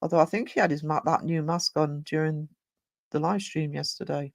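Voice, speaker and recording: A live-stream host with a medium-pitched, steady voice and some vocal fry talks at a normal speed, with no room sound. They ramble casually, thanking viewers and reading chat aloud, constantly filling pauses and correcting themselves.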